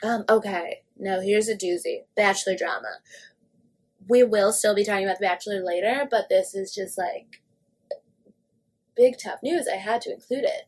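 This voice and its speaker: Chatty, husky woman podcaster. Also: medium pitch, moderate pace, darkish tone. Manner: chatty, filler-heavy, swears freely. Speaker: podcast co-host. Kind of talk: casual pop-culture chat.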